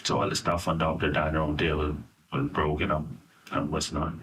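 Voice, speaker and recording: Middle-aged man, bahamian accent, very deep voice, husky, halting interview account. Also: monotone, fairly bright tone. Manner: halting, searching for words, frequent "you know". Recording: voice from a distance.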